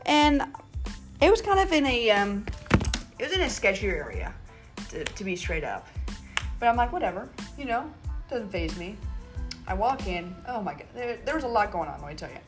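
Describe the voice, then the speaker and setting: A woman's voice: medium pitch, big pitch swings, a little fast, long pauses, music in the background. A young woman hosting a podcast, telling a rambling story in a casual chat style, full of "like" and quoted asides, swearing now and then. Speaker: podcast host.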